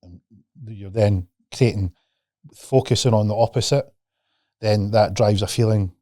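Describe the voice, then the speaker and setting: A man's voice: fairly low pitch, fairly even intonation, unhurried, dark tone, dry recording, clean studio sound. A man, a podcast guest and mindset coach, talking casually and animatedly, swearing freely and acting out the voices of the people he quotes.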